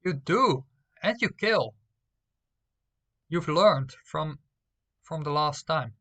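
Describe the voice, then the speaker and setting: Bright-voiced young male streamer. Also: a little high, animated, takes it slowly. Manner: playful, talks straight to viewers. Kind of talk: live stream chat, reading game results aloud.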